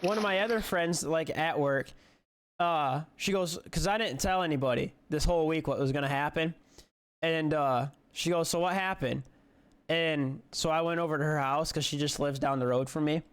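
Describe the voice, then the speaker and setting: A man's voice: on the high side, normal speed, clean tone. A young man casually telling a story to his camera, rambling, swearing and laughing as he goes. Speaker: vlogger.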